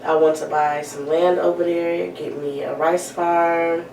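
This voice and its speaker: A woman's voice: on the low side, flat delivery, a little slow, creaky, crowd noise. A woman guest chatting casually on a podcast, blunt and slangy. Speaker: podcast guest, nail tech. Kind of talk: casual chat. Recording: roomy, distant mic, background hiss.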